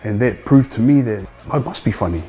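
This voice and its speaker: A man's voice: medium pitch, fairly quick, faint music behind. A middle-aged man with a New Zealand accent, a comedian telling his story in an interview in a loose, rambling way. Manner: relaxed, rambling, swears freely. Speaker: stand-up comedian, men's housing manager.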